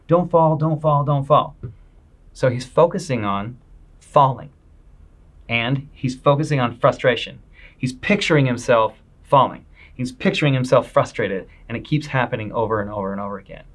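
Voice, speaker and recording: A man's voice: medium pitch, fairly quick, a bit bright. A man giving a casual, upbeat motivational talk as a business coach, acting out people's inner voices as he goes.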